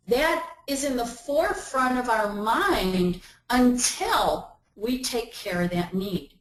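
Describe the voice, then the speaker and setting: Woman doing a webinar talk, kinda high voice, chatty, roomy echo on the audio. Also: expressive, slow pace, few pauses. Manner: conversational, acts out everyday inner voices. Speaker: webinar presenter.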